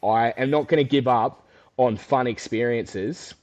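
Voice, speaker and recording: A man's voice: medium pitch, unhurried, a little mellow. A young English man co-hosting a sports podcast, chatting casually with teasing, jokey banter. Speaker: podcast co-host. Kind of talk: casual chat.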